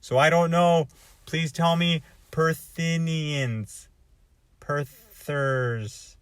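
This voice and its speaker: A man's voice: fairly high pitch, fairly even intonation, very slow, fairly bright tone, clear, resonant tone, dry recording. A man from North America giving a casual, rambling vlog monologue, thinking aloud and often restarting his sentences. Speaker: vlogger.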